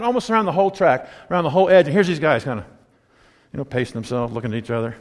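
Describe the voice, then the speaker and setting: A man's voice: sits high, animated, quick pace, fairly bright tone. A man preaching a sermon, telling a story animatedly and acting out the scenes. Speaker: pastor. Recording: long hall reverb.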